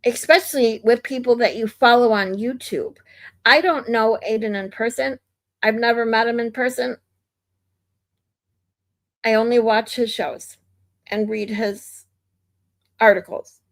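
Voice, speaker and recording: A woman's voice: fairly high pitch, steady tone, a little slow, pauses often. Blunt, ranting woman streamer. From United States. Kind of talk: opinionated casual commentary.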